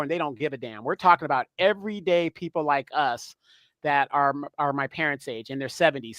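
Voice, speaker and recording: A man's voice: on the high side, a bit bright, dry recording. A middle-aged man talking in an emphatic, rhetorical way in a casual live discussion, stammering when worked up. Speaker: show host.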